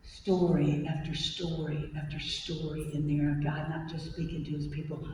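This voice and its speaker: A woman's voice: deep voice, moderate pace, far from the mic, slight background noise. Woman preacher in an echoey hall. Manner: lively, humorous, conversational. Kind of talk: storytelling sermon. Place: large conference hall.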